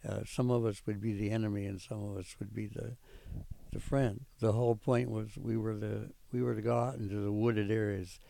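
Gravelly older man telling war stories. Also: lowish voice, flat delivery, dark tone, a little hiss or hum. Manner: rambling storytelling with frequent pauses and fillers. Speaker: veteran interviewee. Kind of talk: oral history recollection.

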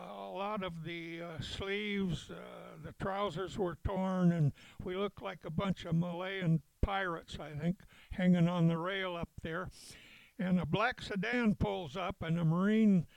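Older man, high gravelly voice. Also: no echo, low-quality recording. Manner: halting storytelling with chuckles. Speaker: veteran interviewee. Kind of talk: oral history recollection.

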